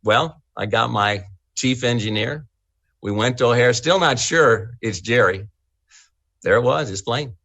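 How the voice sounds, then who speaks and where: A middle-aged man with a gravelly, creaky edge to his voice, telling folksy stories in an animated way and often stumbling over his first words. The sound is dry and close, with no room around it. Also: medium pitch, unhurried, dry recording. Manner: folksy, animated storyteller who repeats and restarts words. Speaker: state senate candidate. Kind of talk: interview answers.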